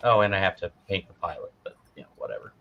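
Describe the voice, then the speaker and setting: A man co-hosting a casual chat, laid-back and quick to laugh. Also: deep voice, sing-song, vocal fry, dull audio, a little hiss or hum. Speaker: co-host.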